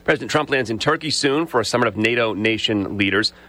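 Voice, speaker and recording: A man anchoring a radio newscast in a brisk, clipped delivery. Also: mid-range voice, expressive, sharp tone. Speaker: news anchor.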